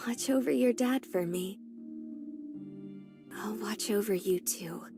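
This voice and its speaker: A man voicing a dying young mother reading her farewell letters in a whispered role-play, soft and breathy. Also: sits high, pitched above the performer's own voice, full character voice. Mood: tender. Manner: slow tender reading. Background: soft background music.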